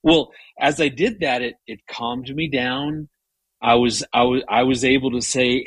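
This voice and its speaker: A man in his fifties, a guest telling a personal story with animated retellings and frequent stumbling restarts. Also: mid-range voice, moderate pace, breathy edge, no echo, low-quality recording. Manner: animated, retells his inner rants with rising voice; frequent repeated-word restarts. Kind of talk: storytelling in conversation.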